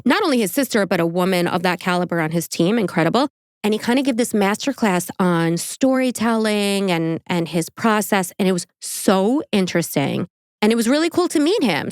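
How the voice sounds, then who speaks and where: A woman hosting a casual true crime podcast, chatty and animated, laughing often and filling her talk with "like". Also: mid-range voice, dry recording, studio quality. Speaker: podcast host.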